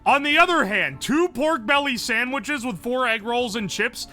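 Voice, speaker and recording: Male streamer, very bright tone, excitable, profane, game commentary. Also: very high voice, moderate pace, few pauses, faint music behind. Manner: excitable, profane, thinking aloud.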